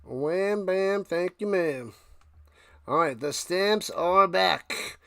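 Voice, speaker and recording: High-voiced man calling a live game. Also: lively intonation, gravelly, clean tone, no echo, studio quality. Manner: thanks chat viewers by name between game calls; rises loud and fast calling big plays. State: clearing his throat and coughing. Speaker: streamer doing live play-by-play. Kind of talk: casual live-stream play-by-play commentary.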